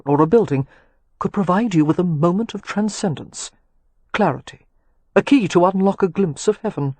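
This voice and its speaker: A woman reading a romance novel aloud in measured, even scripted narration. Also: fairly low pitch, breathy edge, dry recording. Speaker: audiobook narrator.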